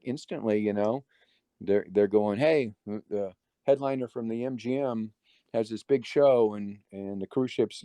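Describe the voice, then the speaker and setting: A middle-aged man speaks as a guest on a casual interview, and his stories ramble along with restarts and quoted dialogue. His voice is mellow and relaxed. The recording is close and dry. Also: on the low side, no echo. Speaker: guest magician.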